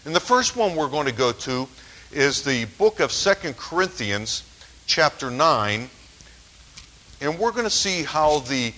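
A man's voice: mid-range voice, a bit bright, poor audio. A man delivers a sermon to his congregation in a plain, conversational way. His voice sits in a middle register but swings widely up and down as he stresses points. He stumbles and restarts often, filling gaps with "uh". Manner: conversational preaching with frequent restarts and fillers. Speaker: pastor. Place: church.

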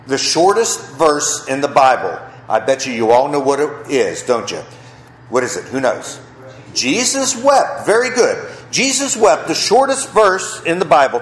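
Man preaching in a church, kinda high voice, lots of up and down, asks the room stuff then answers it. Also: sing-song, unhurried, roomy sound, low-quality recording. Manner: asks the congregation questions and answers them himself. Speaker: pastor. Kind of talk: sermon. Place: church sanctuary.

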